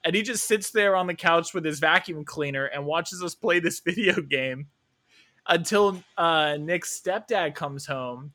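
Male guest, fairly high pitch, bright tone, animated swearing storyteller. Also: measured pace. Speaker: podcast guest. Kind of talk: casual storytelling.

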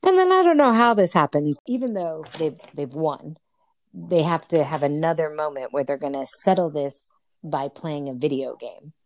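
Recapping a movie, a woman co-hosts a podcast in casual chat full of fillers and laughter. Her low, darkish voice is animated and moves at a normal speed.

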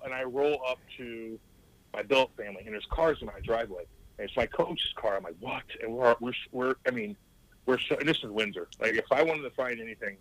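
A man, a former hockey player, telling rambling, profane stories in a casual podcast chat with lively voiced quotes. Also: medium pitch, rough recording.

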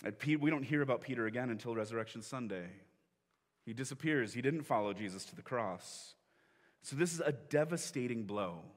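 A man's voice: mid-range voice, a little fast, big-room sound. A man preaching a sermon as pastor, telling the story conversationally and acting out the quoted lines. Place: church sanctuary.

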